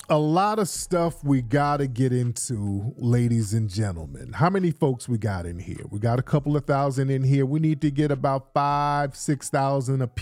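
A man's voice: medium pitch, a little mellow, no room sound. A man hosting a casual livestream, hyping up his audience with repeated call-outs and loose, chatty talk. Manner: hyped, repetitive, addressing the audience. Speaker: livestream host. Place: indoors, rainy day.

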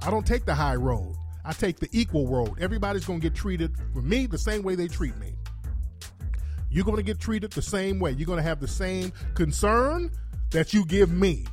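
A man hosting a commentary show, delivering a blunt, profane, emphatic opinion monologue and mocking others in high falsetto voices. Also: big pitch swings, normal speed, a little mellow, faint music behind.

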